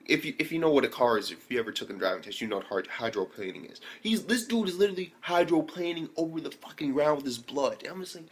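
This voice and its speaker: A young man recapping an anime episode in casual slang, excitable and full of swearing and fillers. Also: on the high side. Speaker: anime reviewer.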